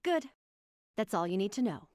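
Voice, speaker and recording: An arrogant, sharp-tongued female scientist lectures with condescending sarcasm, voiced by a woman reading a game. Her voice sits mid-pitch and sounds close and dry. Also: very animated, moderate pace, no echo, close to an everyday voice. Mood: smug.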